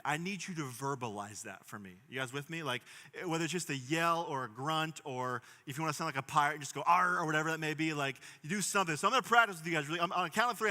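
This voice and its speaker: A man's voice: on the high side, pushed and bright. A man in his thirties preaching a sermon in a church, telling stories, joking and drawing the congregation in. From Pittsburgh, USA. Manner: storytelling, jokey, works the crowd. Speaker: pastor. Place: large church hall. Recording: long hall reverb.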